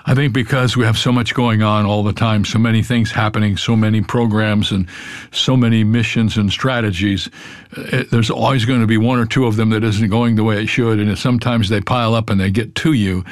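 A pastor giving an earnest, storytelling sermon. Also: male voice, fairly low pitch, fairly even intonation, brisk, clean studio sound. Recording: roomy hall reverb.

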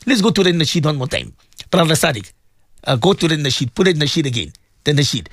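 A man's voice: on the high side, big pitch swings, fast, a bit bright, no echo, studio quality. A man hosting a live religious radio show, preaching emotionally to his listeners and repeating his points for emphasis. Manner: emotional, repetitive preaching, addresses listeners directly. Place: radio studio.

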